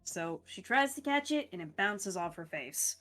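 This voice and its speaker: A woman narrating as game master of a tabletop game, casual and halting, with fillers and the odd swear. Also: medium pitch, big pitch swings, a bit bright, faint music behind.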